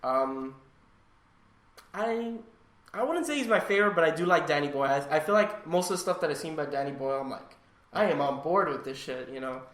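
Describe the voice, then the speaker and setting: A man's voice: a little high, animated, a little fast, fairly bright tone, echoey room. A man co-hosting a casual film podcast, joking and swearing as he talks. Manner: joking, swears, laughs often. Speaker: podcast co-host. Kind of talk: casual chat.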